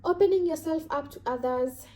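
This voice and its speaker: A woman's voice: high voice, normal speed, mellow, low-quality recording. A woman with an African accent, talking casually to camera about self-growth in an earnest, reflective way, often restarting and repeating words. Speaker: vlogger.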